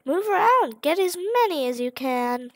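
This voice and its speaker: A woman's voice: very high voice, big pitch swings, a little slow, dry recording, voice pushed up, heavily acted. A woman voicing a mocking, two-faced flower creature from a video game, sweet on the surface and sinister underneath, reading its lines in a sing-song, falsely friendly way. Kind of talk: reading game dialogue aloud.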